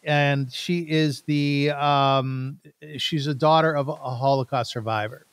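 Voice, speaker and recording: A man's voice: mid-range voice, steady tone, slow, clean tone, no room sound. A Canadian man hosting an interview, chatty and enthusiastic. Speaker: podcast host. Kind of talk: casual interview.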